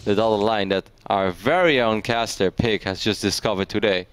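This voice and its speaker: A man's voice: on the low side, moderate pace, a little hiss or hum. A man casting a live esports match, chatty and laughing often as he tells anecdotes. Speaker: esports caster.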